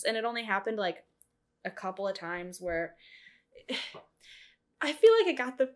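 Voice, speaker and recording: Chatty young woman, lively pitch. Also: a little slow, long pauses. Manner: chatty, heavy use of "like", animated rises. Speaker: podcast co-host. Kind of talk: casual chat.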